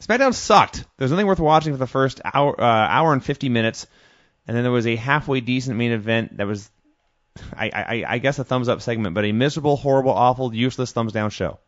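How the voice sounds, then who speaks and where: A man's voice: mid-range voice, fast, no room sound, dull audio. A man co-hosting a casual wrestling review podcast, wry and blunt, laughing often. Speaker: podcast co-host.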